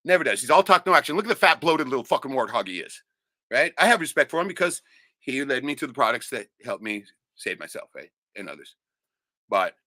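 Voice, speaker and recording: A man's voice: medium pitch, pushed and bright, dry recording, studio quality. Heated, profane man ranting on a livestream. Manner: heated, profane, swears constantly. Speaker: livestream host. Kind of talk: angry ranting monologue.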